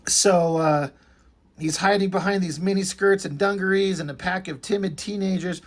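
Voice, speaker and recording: This comic book reviewer has a high, breathy-edged voice and talks at normal speed. He casually chats his way through an old comic, rambling, swearing, and reading its lines aloud.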